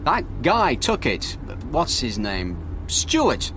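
A man voicing an angry, excitable man who keeps shouting that the money is his. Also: medium pitch, slow, noisy background, voice pushed up. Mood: insistent. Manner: shouty, indignant. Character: angry excitable man, robbed finder of cash.

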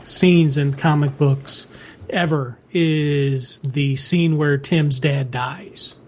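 Casting note: high-pitched male podcast co-host, emotional and animated, laughs a lot. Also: very slow, slight background noise. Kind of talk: casual podcast chat about comics.

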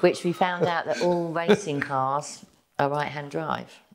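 A woman with a low voice takes part in a casual podcast chat. She speaks in a measured way and keeps steering to new topics. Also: fairly even intonation. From England. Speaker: podcast co-host.

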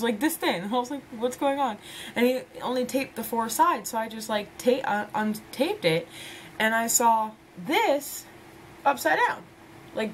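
A woman's voice: on the high side, a little hiss or hum. A woman in her twenties chatting casually to camera as a vlogger, rambling and laughing as she addresses her viewers as ladies. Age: 20s.

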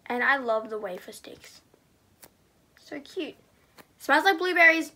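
High bright teen girl doing a squishy haul, gushy and excitable, goes soft and murmury sometimes. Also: unhurried. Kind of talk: casual product review.

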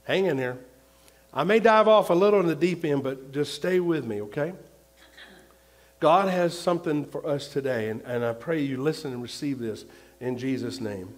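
A male pastor preaching a sermon, repeating his points and swinging between loud and hushed. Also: on the high side, lively intonation, moderate pace.

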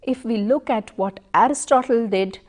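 A woman giving an educational lecture, speaking deliberately and stressing words to make her points. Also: on the high side, darkish tone. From India.

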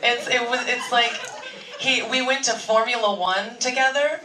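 An actress on a convention panel telling rambling, giggly anecdotes with many "like"s. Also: female voice, on the high side, fairly even intonation, normal speed. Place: large convention hall. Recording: echoey hall, far from mic, faint noise.

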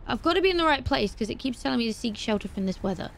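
A woman playing a video game, talking to herself in an animated way and breaking into startled exclamations. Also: a little high, vocal fry, slight background noise. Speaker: let's play host. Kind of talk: gaming commentary.

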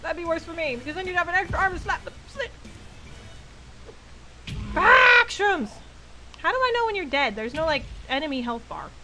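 A woman casually commenting while playing a video game, joking, swearing and shouting at enemies. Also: extremely high pitch, very animated, moderate pace, long pauses, background noise. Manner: playful, swearing, voicing game characters. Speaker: game streamer. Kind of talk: gameplay commentary.

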